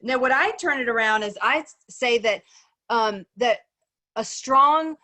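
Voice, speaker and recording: A woman's voice: on the high side, measured pace, bright, forceful tone, no echo. A woman facilitating a group discussion in a conversational way, full of ums and "right?" checks. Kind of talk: casual group discussion on a video call.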